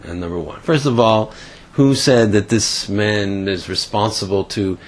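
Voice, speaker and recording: A man giving a casual Torah lesson, telling a story in a halting way with many fillers and restarts. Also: on the low side. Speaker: Torah teacher.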